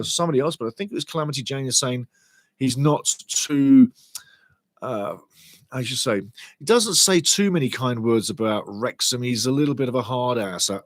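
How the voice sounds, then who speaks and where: A man hosting a live football watchalong, chatting excitedly, reading out viewers' comments and swearing casually. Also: mid-range voice, no echo. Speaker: watchalong host.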